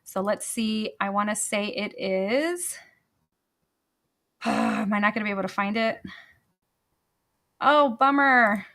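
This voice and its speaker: A woman's voice: medium pitch, steady tone, unhurried, long pauses, a bit bright. A woman hosting a motivational podcast on her own, talking energetically and emphatically and repeating her key phrases. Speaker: podcast host. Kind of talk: motivational solo talk.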